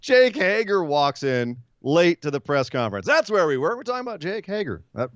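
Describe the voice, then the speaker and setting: A man's voice: on the high side, fairly quick, no room sound. A man co-hosting a podcast, recapping wrestling in casual chat and acting out what people said. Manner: animated storytelling, acts out quotes in silly voices. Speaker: podcast co-host. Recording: dull lo-fi, dry sound.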